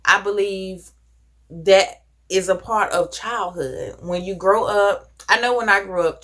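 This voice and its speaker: A woman's voice: mid-range voice, fairly bright tone. A woman vlogger talking earnestly to camera, giving conversational advice with casual slang. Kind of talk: reflective personal talk to camera.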